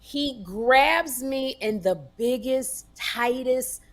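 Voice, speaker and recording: A woman co-hosting a comedy podcast, telling stories in a sassy, animated way and acting out voices. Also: high-pitched, very slow. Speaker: podcast co-host. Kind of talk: casual comedic storytelling.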